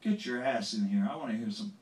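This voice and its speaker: A man's voice: lowish voice, fast, darkish tone, natural voice. A man putting on the voice of a brusque, tough-talking older crooner while telling a story on stage. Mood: gruff. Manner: curt, tough-guy barking. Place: stage before an audience. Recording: roomy, distant live stage mic.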